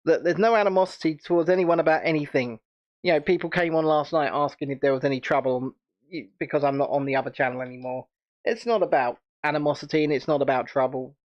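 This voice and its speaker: A fast-talking British channel host from the United Kingdom runs a casual livestream chat, rambling and frequently laughing. His voice is fairly high, and the highs in the audio are cut off.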